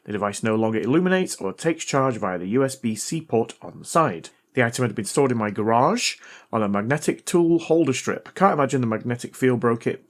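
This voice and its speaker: A man hosting a repair video, reading a viewer's letter aloud and thinking out loud as he tests a gadget in a casual, chatty way. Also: medium pitch. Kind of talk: casual hands-on repair commentary.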